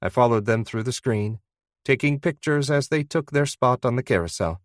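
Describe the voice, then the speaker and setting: A man narrating a first-person novel audiobook in a steady, even storytelling manner. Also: medium pitch, moderate pace, no echo, studio quality.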